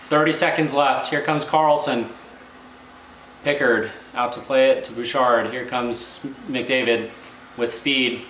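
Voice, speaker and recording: A man reviewing and reacting live to a hockey game, excitable and exasperated, rambling with restarts. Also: medium pitch, takes it slowly. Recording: echoey room, faint background noise.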